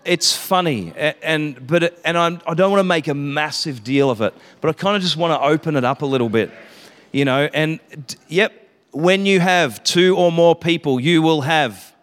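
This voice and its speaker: A man's voice: a little high, moderate pace, a bit bright, in a large hall. A man, preaching a casual sermon to a congregation, chatty and self-interrupting, laughing often.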